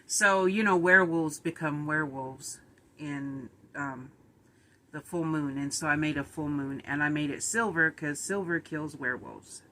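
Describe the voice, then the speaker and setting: A middle-aged woman talks to her vlog audience in a loose, rambling way, giggling now and then. Her voice is bright and a little sharp. She sounds tired and worn down. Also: low voice, measured pace, a little hiss or hum. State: tired, run down. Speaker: vlogger. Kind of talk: casual vlog chat.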